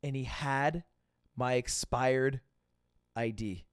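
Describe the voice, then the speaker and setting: Young male streamer, animated storyteller who swears freely, dry close sound. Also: mid-range voice, takes it slowly, clear, resonant tone, no room sound. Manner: animated, profane, acts out quotes. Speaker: livestreamer. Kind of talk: casual storytelling.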